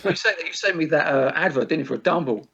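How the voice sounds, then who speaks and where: A laid-back man chatting on a podcast, his voice husky and full of gravelly fry. He sits a touch higher in pitch than most men, and he swears and laughs easily. The recording sounds dull and lo-fi. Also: fast, pushed and bright. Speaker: musician guest. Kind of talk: casual podcast chat.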